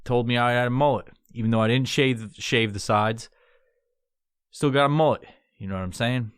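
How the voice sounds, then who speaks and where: A man's voice: medium pitch, fairly even intonation, normal speed, clear, resonant tone, dry recording. A man from New York hosting a solo podcast, rambling and swearing in an exaggerated tough-guy tone he admits to putting on in his studio. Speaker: podcast host.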